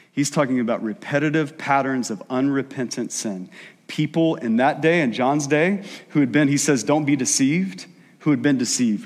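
A male pastor preaches a sermon conversationally, slipping into quick asides voiced as the people he describes. His voice sits in the mid range, trailed by a long reverb tail.

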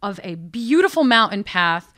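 Bright-voiced woman, chatty and animated, recounting a mishap in casual conversation. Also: medium pitch, moderate pace. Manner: animated, self-mocking, lots of fillers. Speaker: podcast guest telling a travel story. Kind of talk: casual storytelling chat.

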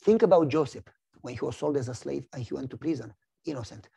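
Animated gravelly male preacher. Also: medium pitch, fast. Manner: animated storytelling, acts out voices. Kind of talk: sermon with personal testimony.

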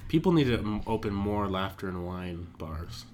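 A man's voice: on the low side, animated, normal speed, a little mellow, slight background noise. A man hosting a podcast in casual chat, playful and laughing often as he rambles, his voice getting tired. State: voice tiring. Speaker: podcast host.

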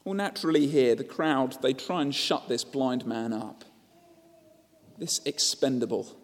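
A man's voice: mid-range voice, measured pace, big-room sound. A man preaching a sermon, telling the story and asking rhetorical questions.

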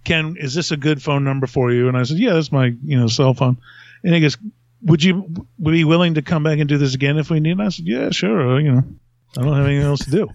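A man's voice: a little high, fast, darkish tone, no room sound, muffled recording. A middle-aged man hosting a podcast, telling a rambling, self-mocking story in a casual way and laughing at himself. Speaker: podcast host.

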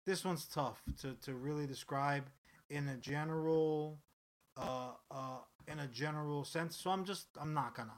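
Sharp-voiced man telling a rambling story. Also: on the high side. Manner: rambling, profane, animated storytelling with frequent restarts. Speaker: podcast co-host. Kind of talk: casual chat.

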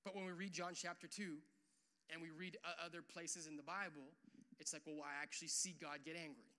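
A young adult man preaching a sermon in a casual, animated way, full of "like" and "uh", swelling louder on key points. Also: fairly high pitch, a little fast. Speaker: pastor.

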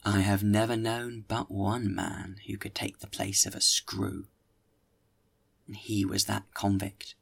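A man voicing a suspicious police inspector who speaks slowly, stressing every word. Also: on the low side, flat delivery, creaky, breathy edge, heavily acted. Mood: cold. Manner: slow, pointed, emphasizing every word.

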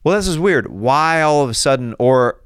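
A man's voice: on the high side, animated, normal speed, smooth, no echo, studio quality. A man hosting a casual comedy podcast, rambling and joking and laughing often. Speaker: podcast host.

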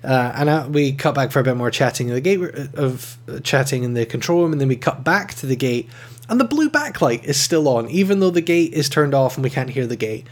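A man's voice: mid-range voice, expressive, a little fast. A man hosting an episode review, talking conversationally with frequent fillers and enthusiastic rises. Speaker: podcast host reviewing episodes.

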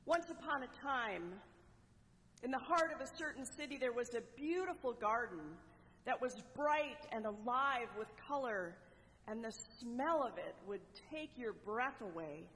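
A woman preacher telling a parable as a sermon, with measured delivery and dramatic pauses. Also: fairly high pitch, animated, a bit bright. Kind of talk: sermon storytelling. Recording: long echoing hall reverb.

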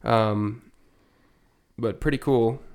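A man co-hosting a casual podcast, sounding nasal from allergies, talking in a relaxed way with many fillers. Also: medium pitch, drawn-out words, clear, resonant tone. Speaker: podcast co-host. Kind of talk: casual chat.

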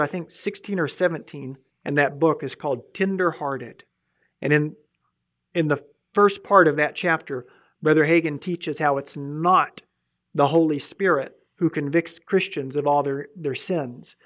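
Rambling pastor preaching casually. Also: male voice, on the high side, a bit bright. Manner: rambling, informal, many fillers and restarts. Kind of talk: sermon. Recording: muffled lo-fi recording.

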